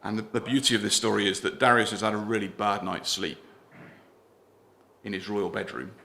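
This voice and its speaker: A man preaching a sermon in church, earnest, putting questions to the congregation and letting his voice fall softer at the ends of lines. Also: fairly low pitch, steady tone, a little fast, creaky, slight background noise.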